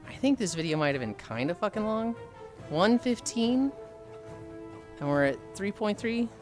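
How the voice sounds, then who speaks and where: Rambling, foul-mouthed Midwestern streamer guy. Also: fairly high pitch. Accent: Midwestern American. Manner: rambling, swears freely, answers chat messages aloud. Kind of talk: casual chat with viewers.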